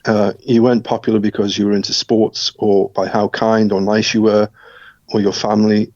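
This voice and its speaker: Low-voiced man telling his story. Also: little pitch movement, moderate pace, no echo. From Scotland, raised partly in South Africa and England. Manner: reflective storytelling with soft laughs and restarts. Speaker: interview guest. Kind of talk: personal testimony in an interview. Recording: dull, lo-fi sound.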